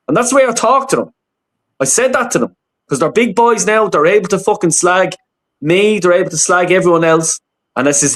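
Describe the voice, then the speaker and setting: Blunt, swearing host on a live stream. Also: male voice, high voice, a little fast. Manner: swears freely, blunt and animated. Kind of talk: casual live stream chat.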